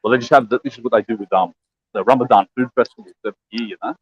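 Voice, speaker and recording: A man's voice: medium pitch, highs cut off. An Australian man with an Australian accent, chatting casually as a guest on a livestream and peppering his talk with lad and bro. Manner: rapid, laid-back, full of lad and bro. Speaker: guest caller. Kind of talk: casual chat.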